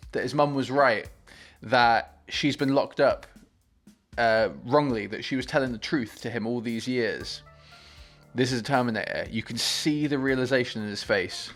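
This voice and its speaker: A man hosting a movie reaction, talking about the film with excited, gushing enthusiasm. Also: medium pitch, moderate pace, faint music behind.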